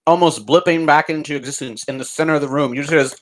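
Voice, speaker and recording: A man narrating and running a tabletop game as game master, in a calm, deliberate way. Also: on the high side, rough recording.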